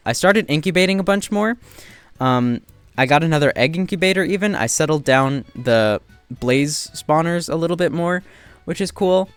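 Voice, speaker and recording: A man giving casual, joking commentary while playing a game, getting excited and loud when he spots something new. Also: clear, resonant tone, no echo. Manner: excitable, jumps to high squeals when spotting birds; self-deprecating, joking asides. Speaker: gaming video creator.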